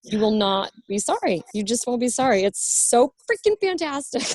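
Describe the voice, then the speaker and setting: A woman's voice: on the high side, big pitch swings, moderate pace, a little mellow, a little hiss or hum. A woman coaching client giving a teary, gushing testimonial on a group video call. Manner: gushing, emphatic. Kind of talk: heartfelt spoken testimonial.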